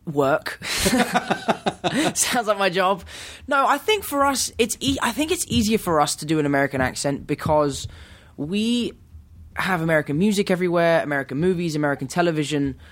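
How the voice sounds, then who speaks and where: A young man from England with an English accent, a guest actor talking casually in a podcast interview and telling animated stories. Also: fairly high pitch, moderate pace. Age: young adult.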